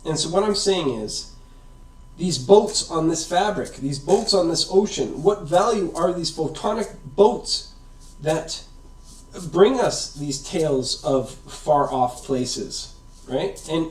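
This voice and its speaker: A science video host with a high, animated voice explains things casually and rambles a bit, often checking in with "right?" and "okay?". He talks a little slowly, with a slightly mellow tone. The sound is roomy and echoey, picked up from a distance.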